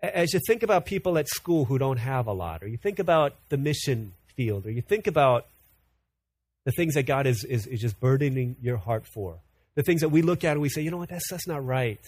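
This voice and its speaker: A man preaching a sermon in an animated way, often repeating words as he builds a point. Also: medium pitch, fairly quick, breathy edge. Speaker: pastor.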